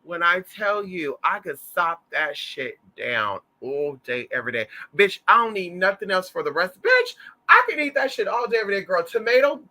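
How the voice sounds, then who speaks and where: A man from Southern Louisiana hosting a casual livestream, telling stories in an animated, campy, profane way while reading the chat. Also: high voice, moderate pace. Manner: animated, campy, profane, calls listeners y'all and honey.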